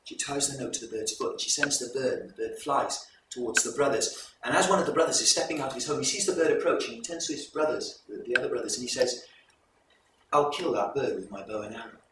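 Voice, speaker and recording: A man presenting a folk performance, retelling the tale to a live audience in a measured, explanatory way. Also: medium pitch, noisy background. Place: live event hall. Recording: echoey hall recorded from far off.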